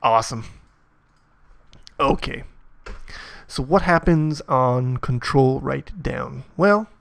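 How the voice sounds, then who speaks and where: Male coding tutor, gravelly, slow and dry; casual, profane, self-mocking. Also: mid-range voice, a bit bright, no room sound. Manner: swears often, mutters while typing, self-mocking. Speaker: programming tutor.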